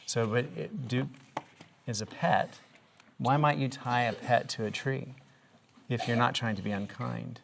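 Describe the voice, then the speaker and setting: A man's voice: mid-range voice, fairly even intonation, a little slow, gravelly, pauses often, a crowd in the background. A man teaching a reading lesson in a classroom, asking young pupils patient, encouraging questions.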